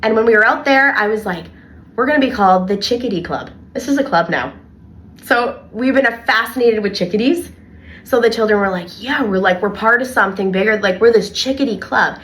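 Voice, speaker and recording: A young woman in a casual podcast chat, talking fast and animated and filling her stories with "like". Her voice sits at an ordinary middle pitch. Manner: animated storyteller, heavy filler "like". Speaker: podcast co-host and childcare worker.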